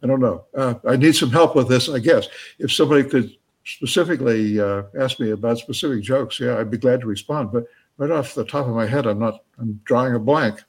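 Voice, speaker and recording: A middle-aged man answering interview questions as an author, halting and chuckling, with many fillers and restarts. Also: medium pitch, husky. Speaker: author and guest.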